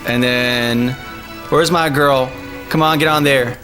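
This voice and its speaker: A man streaming live, chatting casually and excitedly, laughing often and using lots of slang. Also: mid-range voice, slow pace. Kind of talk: casual live-stream chat over music. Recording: music playing faintly behind.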